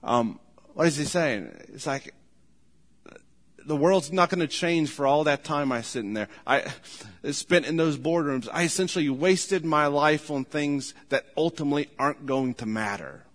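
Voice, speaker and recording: A man's voice: fairly high pitch, moderate pace, a bit bright. A man preaching a sermon as pastor, earnest and emphatic, often restarting his sentences. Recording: long hall reverb.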